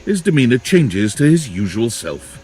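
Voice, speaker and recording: A man's voice: medium pitch, very animated, normal speed, a little mellow, faint music behind, natural voice. A man narrating a video game's story in the second person. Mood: calm. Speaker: game narrator. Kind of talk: scripted narration.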